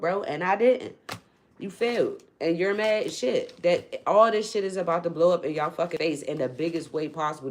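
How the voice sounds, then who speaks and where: Blunt, profane woman ranting on a livestream. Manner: blunt and profane, swings from low muttering to loud, high outbursts. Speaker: spiritual reader livestreamer. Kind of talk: unscripted livestream rant.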